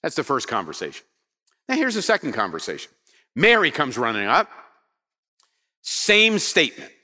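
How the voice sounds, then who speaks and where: A man's voice: a little high, huge pitch swings, moderate pace, long pauses, sharp tone. A man preaching a sermon to a congregation, telling stories animatedly and asking the room questions. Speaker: pastor. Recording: reverberant hall sound.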